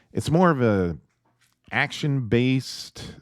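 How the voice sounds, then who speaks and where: A man's voice: medium pitch, expressive, extremely slow, no room sound, studio quality. A man giving an enthusiastic, rambling video review at home, with many fillers. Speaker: tabletop game reviewer. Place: at home with his dog nearby.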